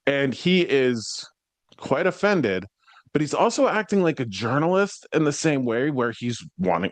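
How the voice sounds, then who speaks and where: A man hosting a podcast, telling a story in a casual, conversational way that grows animated as he retells what happened. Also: medium pitch, moderate pace, no echo. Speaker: psychic medium podcast host.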